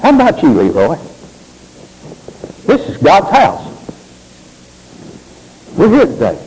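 A man's voice: on the high side, huge pitch swings, slow pace, darkish tone, low-quality recording. A man preaching a sermon in a church, reading scripture aloud and calling on members of the congregation by name. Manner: preaching with swooping emphasis, addresses congregants by name. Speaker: pastor.

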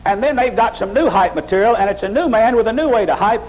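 A man preaching a sermon with emphatic, repetitive phrasing, climbing higher and louder as he mocks emotional worship. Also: animated, quick pace, few pauses, slight background noise, poor audio. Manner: emphatic, repetitive, rises high when mocking emotional worship.

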